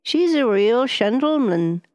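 A woman voicing a slow, cunning old Highland boatman with a Scottish Highland accent, in audiobook narration. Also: animated, a little mellow, no room sound, highs cut off. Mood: sly. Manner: slow, sly, lilting Highland speech. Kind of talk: audiobook character voice.

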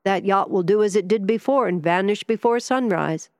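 A woman's voice: mid-range voice, moderate pace, a little mellow, no echo, clean studio sound, long reverb tail, voice pushed up, close to an everyday voice. A woman voicing a blunt, matter-of-fact ship's captain in a storybook reading. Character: blunt ship's captain, middle-aged man.

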